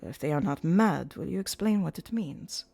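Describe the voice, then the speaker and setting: A woman's voice: low-pitched, expressive, normal speed, vocal fry, mellow, slightly rough, heavily acted. A woman voicing an agitated male opera secretary who exclaims in rising outbursts. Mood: indignant.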